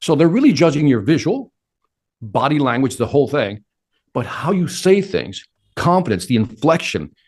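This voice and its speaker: A man's voice: mid-range voice, very animated, normal speed, a little mellow, husky. A middle-aged man answering interview questions with energy, acting out quotes and his own inner talk. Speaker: sales speaker and interview guest.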